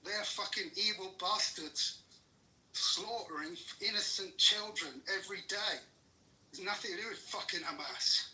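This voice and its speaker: Furious swearing man, high bright voice. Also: moderate pace. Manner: furious, swears constantly, shouts insults. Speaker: political commentator in a heated debate. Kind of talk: angry profane rant. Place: room with others present. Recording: roomy echo, distant mic.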